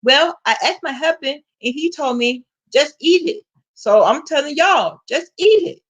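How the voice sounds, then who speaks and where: A woman's voice: sits high, animated, measured pace, pitched above the performer's own voice. A woman voicing a nonchalant female coworker with a Filipino accent, breezy and shrugging.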